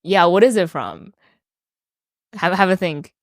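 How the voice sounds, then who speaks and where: Low, lively-voiced woman podcast host. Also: unhurried, long pauses, dry recording, studio quality. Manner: laughs often, playful quizmaster. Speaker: podcast host running a quote quiz. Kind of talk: casual podcast chat.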